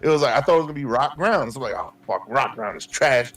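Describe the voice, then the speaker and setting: A man, co-hosting a podcast and telling animated, profane stories, acting out his past self. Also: medium pitch, fast, a crowd in the background. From Queens, New York. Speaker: podcast co-host. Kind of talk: casual chat.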